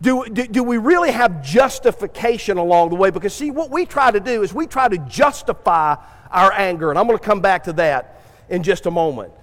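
Male preacher, high-pitched, talky sermon delivery with restarts, echoing sanctuary sound. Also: expressive, fairly quick. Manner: conversational preaching with repeated restarts, acting out voices. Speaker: pastor.

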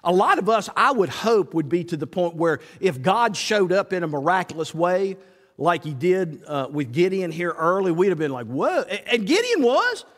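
At normal speed and a high pitch, a male preacher gives a homespun sermon, bringing his exchanges with God to life in lively voices. The sound carries the echo of a reverberant hall.

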